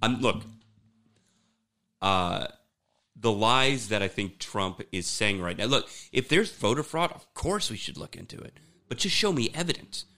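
A man's voice: fairly low pitch, lively intonation, a little slow, bright, forceful tone. A man in casual podcast chat who talks hesitantly with many restarts, asking skeptically for evidence. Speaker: podcast co-host or guest.

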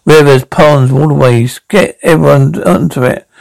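Man voicing a gruff female police inspector. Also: fairly high pitch, a little slow, darkish tone, dry recording. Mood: commanding.

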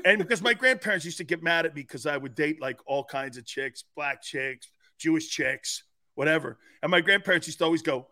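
High bright guy on a sports show, goes way up and down telling stories, dry close sound. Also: brisk, no echo. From Italian-American family. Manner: animated storyteller, acts out quotes, laughs often. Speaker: sports talk show co-host. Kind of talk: casual sports talk storytelling.

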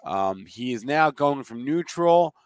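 A man's voice: medium pitch, animated, slow pace, no echo. A man of thirty-one co-hosting a casual stock market show, explaining news plainly. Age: 30s. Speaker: co-host.

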